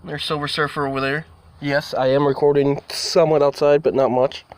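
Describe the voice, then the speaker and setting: A man's voice: fairly high pitch, little pitch movement, fairly quick, dry recording. A man giving a casual vlog update, rambling and talking to his cats, with the odd mild swear word. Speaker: vlogger. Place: indoors near a door, partly outside.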